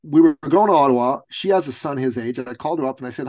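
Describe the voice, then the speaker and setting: A man's voice: mid-range voice, quick pace, no echo. A man, a business coach, telling a story in an interview and acting out the voices of the people in it. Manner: animated storyteller, acts out quotes.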